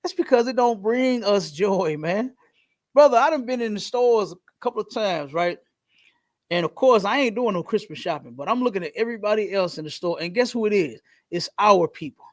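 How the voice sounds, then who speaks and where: A man hosting a podcast in casual, slangy talk, telling stories in an animated way. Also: high voice, fairly quick. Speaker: podcast host.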